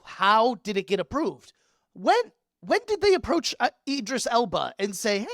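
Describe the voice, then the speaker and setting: An excitable man co-hosting a casual podcast, swearing freely and breaking into laughter. His delivery is sarcastic and animated. The sound is dry and close, with no room echo. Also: high-pitched, normal speed. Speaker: podcast co-host. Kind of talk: casual chat.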